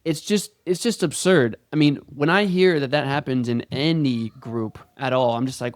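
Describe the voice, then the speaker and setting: A man's voice: mid-range voice, normal speed, hardly any pauses, no echo. A man co-hosting a casual podcast, talking earnestly and casually. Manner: earnest, calls everyone dude. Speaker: podcast co-host.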